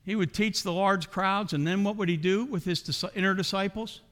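A man's voice: high voice, fairly even intonation, fairly quick, a bit bright. A middle-aged man preaching a sermon as a pastor, asking the congregation rhetorical questions. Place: church sanctuary. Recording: long hall reverb.

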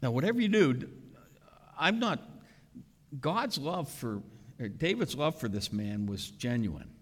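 A man preaching a sermon with animated, dramatic emphasis, recorded in a reverberant church sanctuary. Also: medium pitch, unhurried. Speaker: pastor. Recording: reverberant hall.

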